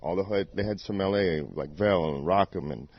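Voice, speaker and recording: Low-voiced guy in his 40s, dj on a podcast, swears a lot, kinda rambly, muffled lo-fi sound. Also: fairly quick. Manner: laid-back, profane, rambling storytelling. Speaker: podcast guest, DJ. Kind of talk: casual chat. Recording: dull lo-fi podcast audio.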